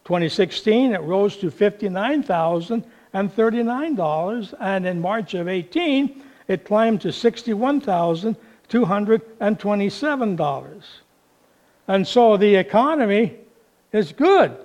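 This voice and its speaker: Slow-talking high-voiced male pastor. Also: animated, darkish tone. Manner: unhurried, folksy, with fillers. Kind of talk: sermon with storytelling.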